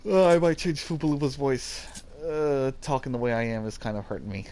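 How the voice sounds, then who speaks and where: A man's voice: mid-range voice, brisk, mellow. A man streaming a story game, making offhand, self-mocking asides. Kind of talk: casual game commentary.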